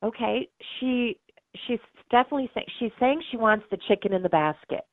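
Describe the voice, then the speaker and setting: This guest is a middle-aged author and bereaved mother whose voice sits on the high side, animated and fairly quick. Telling an emotional story in an interview, she stays earnest, performs quoted voices, and laughs through tears, all on a dry, tinny line that sounds like a phone.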